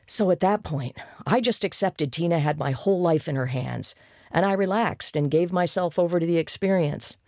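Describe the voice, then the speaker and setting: A reader voicing a once-shy young man who now gushes about a date in an audiobook, in a gravelly, conspiratorial manner. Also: a little high, moderate pace, darkish tone, no room sound, studio quality. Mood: gushing. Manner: hesitant then gushing, conspiratorial. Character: shy young man turned chatty boaster. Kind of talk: audiobook character voice.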